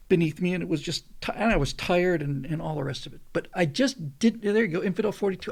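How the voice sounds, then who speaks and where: A man's voice: sits high, fast talker, vocal fry, hardly any pauses, slightly rough. A man hosting a show, telling a rambling anecdote in casual talk, restarting sentences and repeating words as he goes.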